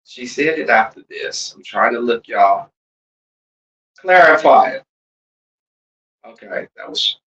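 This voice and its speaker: A livestream host in casual chat with the viewers, loud, profane and teasing, who shouts now and then and drawls some words while rushing others. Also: medium pitch, animated. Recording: roomy, distant, dull lo-fi sound.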